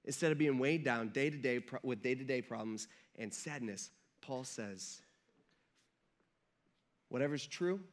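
A man's voice: mid-range voice, moderate pace, few pauses. A man giving a casual, conversational sermon as a pastor, often checking in with his listeners. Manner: conversational, jokey, checks in with the audience.

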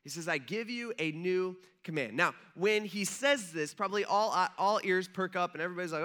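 A man's voice: high-pitched, fast talker, few pauses, pushed and bright. A young man preaching a casual sermon, retelling a story and acting out the quoted voices. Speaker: pastor.

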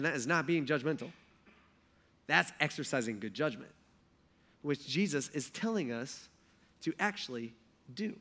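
A man preaching a sermon in a casual, conversational way, acting out quotes as he talks. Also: on the high side. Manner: conversational and animated, acts out quotes. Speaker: pastor.

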